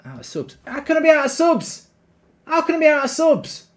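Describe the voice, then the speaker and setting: A man commentating live as he plays a football video game, ranting and swearing loudly at it. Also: very high voice, sing-song, a little fast. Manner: loud swearing rants at the game. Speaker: football gaming streamer.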